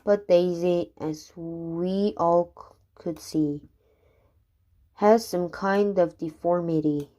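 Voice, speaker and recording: Slow woman reading rhyming poems aloud. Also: fairly low pitch, steady tone, dark tone, dull audio. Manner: unhurried, with occasional stumbles and restarts. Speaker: reader.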